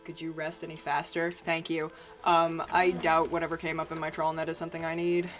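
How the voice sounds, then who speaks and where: Over faint background music, an American woman chats with viewers while playing a video game, her low, slightly bright voice completely flat and a little fast. She mocks herself, curses freely, and laughs a lot in her casual commentary.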